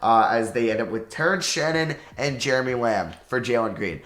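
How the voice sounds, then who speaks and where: A man's voice: medium pitch, normal speed. A man with a New York accent giving casual, chatty gameplay commentary, thinking aloud and poking fun at himself. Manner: chatty, excitable, self-deprecating, thinks aloud. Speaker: gaming YouTuber. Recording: roomy echo.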